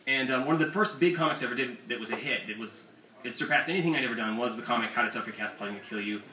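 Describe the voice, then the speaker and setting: A man's voice: medium pitch, racing. Young man telling profane comic stories. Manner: profane, animated and self-mocking. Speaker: comics author giving a talk. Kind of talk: comic storytelling presentation. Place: bookstore event space, indoors. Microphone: audience camera far from the speaker. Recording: roomy, distant audience recording with ambient noise. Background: room ambience.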